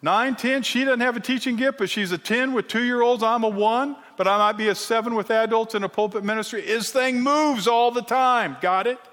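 A middle-aged man teaching a sermon-style lesson, animated and teasing, often checking in with the crowd. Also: extremely high pitch, moderate pace, hardly any pauses. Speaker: Bible teacher. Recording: long reverb of a large hall.

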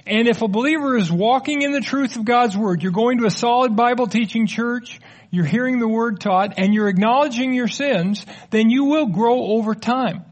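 A man's voice: very high-pitched, normal speed. A middle-aged man preaching and answering audience questions in a conversational, explanatory way, with joking asides. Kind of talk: teaching sermon with audience questions.

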